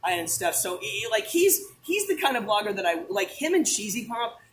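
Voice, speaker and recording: A man's voice: high-pitched, sing-song, moderate pace, fairly bright tone, a little hiss or hum, poor audio. A man in his twenties chatting casually at a theme park, enthusiastic and rambling. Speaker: guest, Disney fan. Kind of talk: casual chat.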